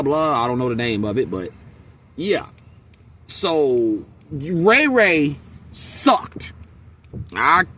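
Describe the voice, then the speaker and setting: A man giving a casual movie reaction, ranting in a profane, animated, rambling way. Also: a little high, slight background noise. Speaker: movie reviewer.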